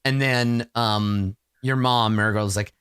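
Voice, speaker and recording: A man's voice: on the low side, fairly even intonation, a little slow, fairly bright tone, clean tone, no echo, studio quality. A man running a tabletop game as game master, narrating in a loose, rambling way.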